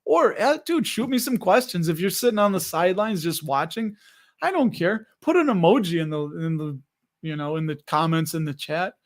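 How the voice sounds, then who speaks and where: A man's voice: high-pitched, expressive, normal speed. An American man hosting a live investing stream, chatting loosely and reading viewer comments aloud. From United States. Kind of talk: casual live-stream chat.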